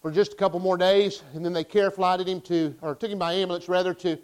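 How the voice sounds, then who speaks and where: A pastor from Arkansas, preaching a sermon and telling a story with impassioned, emphatic bursts. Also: male voice, high voice, steady tone, quick pace, a little mellow, clean tone, poor audio.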